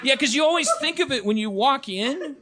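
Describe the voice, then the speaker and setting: Male comedy podcast host, rambling and profane, bright-toned. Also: very high voice, expressive, brisk. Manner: rambling, many restarts, profane. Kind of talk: live comedy podcast riffing.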